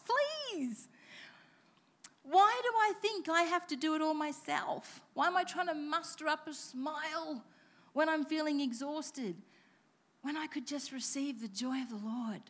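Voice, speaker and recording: A woman delivers a sermon in a bright, high voice. She preaches with animated energy and slips into playful, self-deprecating stories. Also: a little slow. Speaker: pastor.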